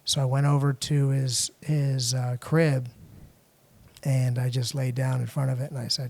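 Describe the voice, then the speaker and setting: A middle-aged man from the United States, a podcast guest telling a personal story in a halting way, with frequent restarts and fillers. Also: mid-range voice, level tone, gravelly, darkish tone. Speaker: podcast guest, international lawyer.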